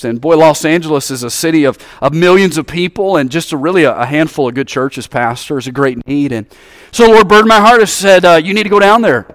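Southern guy preaching hard, high voice, real dry close sound. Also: smooth, no room sound. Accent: Southern American. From Alabama, USA. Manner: rises to high-pitched fervent exhortation, calls out to congregation. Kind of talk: sermon.

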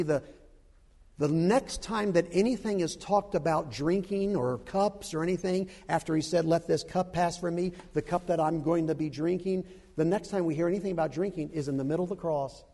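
An older man preaching a dramatic sermon who breaks into loud, shouted quotations. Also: a little high, moderate pace, in a large hall.

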